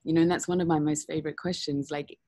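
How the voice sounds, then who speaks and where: Chatty woman guest, husky low-ish voice, talks candid and animated, dry close sound. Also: quick pace, dry recording. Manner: frank, animated, laughs often, lots of fillers. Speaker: interview guest. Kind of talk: candid conversational interview.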